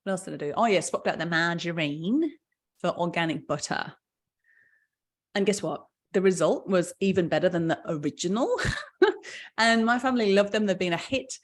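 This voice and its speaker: A woman's voice: on the low side, animated, normal speed. A middle-aged woman, chatting enthusiastically through a live session as its founder and health coach. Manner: chatty, enthusiastic, with fillers and frequent laughs. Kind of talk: casual live presentation.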